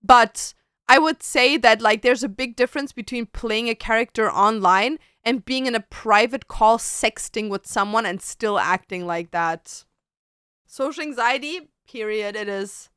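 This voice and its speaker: A woman streamer talks casually and bluntly to her viewers, with plenty of swearing and "babes." Her voice is fairly high, bright and crisp, close and dry. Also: measured pace, no room sound. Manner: blunt, profane, keeps calling listeners babes.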